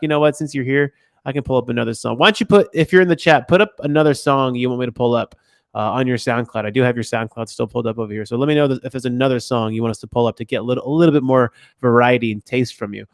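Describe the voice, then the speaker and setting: A man's voice: medium pitch, fast talker, dry recording, studio quality. A man hosting a casual livestream, giving loose, rambling feedback on listeners' music. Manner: loose, rambling, frequent restarts and fillers.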